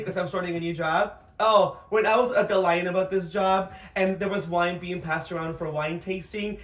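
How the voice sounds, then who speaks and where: A man in his twenties with an American accent, co-hosting a podcast in casual chat, campy and dramatic, swearing freely. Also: high voice. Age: 20s. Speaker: podcast co-host. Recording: echoey room, far from mic, faint noise.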